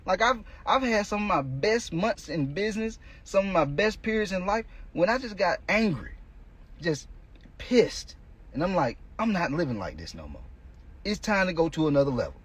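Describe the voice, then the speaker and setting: A man's voice: high-pitched, husky. A male coach hosting a podcast, giving a blunt, profane motivational monologue in casual street talk.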